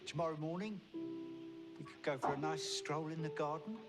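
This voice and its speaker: An actor plays a chatty young volunteer in a short film, his fairly high voice gently reassuring. Loud plucked guitar music runs under every word. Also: normal speed, lightly acted.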